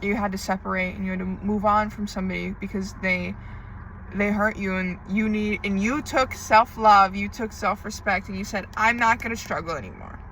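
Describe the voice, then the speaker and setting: Bright-voiced woman venting with swearing. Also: medium pitch, normal speed, slight background noise, rough recording. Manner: swearing, venting, emphatic repetition. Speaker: tarot reader. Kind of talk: emotional diary-style monologue.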